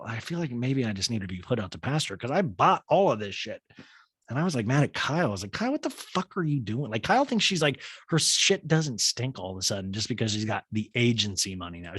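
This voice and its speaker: A man's voice: mid-range voice, slightly rough, dry recording, studio quality. A man hosting a podcast, recapping a reality show in a casual, mocking way and acting out the quotes. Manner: animated, mocking, acts out quotes. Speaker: podcast host.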